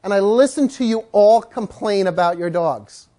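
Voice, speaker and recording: Animated man telling dog-training stories. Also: high voice, normal speed. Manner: animated, acts out quoted voices. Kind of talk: storytelling lecture to a class.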